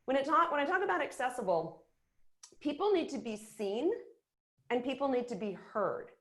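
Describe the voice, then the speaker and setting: Energetic woman giving a motivational webinar. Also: high voice, normal speed. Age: middle-aged. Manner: energetic, emphatic, practical. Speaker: keynote speaker.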